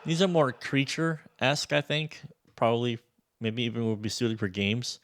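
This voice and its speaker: A man demoing a sample library in a casual, excitable walkthrough, loose and swearing freely. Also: mid-range voice, moderate pace, slight background noise. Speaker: music producer reviewing a sample library.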